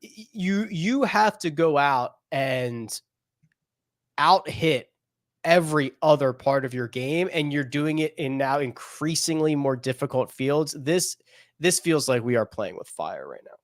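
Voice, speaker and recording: A man co-hosting a podcast, talking through golf betting picks in a rambling, animated way with laughs in between. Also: a little high, measured pace, no room sound, studio quality. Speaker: podcast co-host. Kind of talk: casual golf betting chat.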